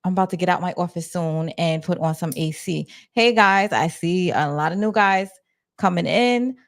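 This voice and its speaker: New york lady livestreaming from her office, lowish voice, chatty and loose. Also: normal speed. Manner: chatty, talks to her chat, restarts and fillers. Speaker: livestream host. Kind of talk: casual livestream chat.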